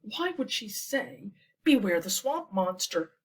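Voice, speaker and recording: A woman voicing a nervous, gentle male goose in a storybook read-aloud. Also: big pitch swings, slow pace, breathy edge, recorded from a distance, full character voice. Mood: uneasy. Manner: worried, honking high voice.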